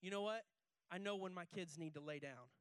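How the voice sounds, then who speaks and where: A man's voice: high-pitched, fairly quick, smooth, no room sound. A man preaching a passionate sermon as pastor, building long repeated refrains and leading the congregation in call-and-response. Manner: impassioned, building repetitive refrains. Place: church service. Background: faint guitar music.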